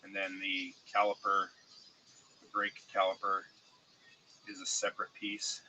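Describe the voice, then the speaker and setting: Man, congested from a cold, slow halting speech, very bright edgy tone, faint background hiss. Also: low voice, completely flat delivery, rough recording. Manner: slow, halting, with many restarts and fillers. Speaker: streamer showing 3D-printed model car parts. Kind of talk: casual live-stream chat. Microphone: desk mic, close.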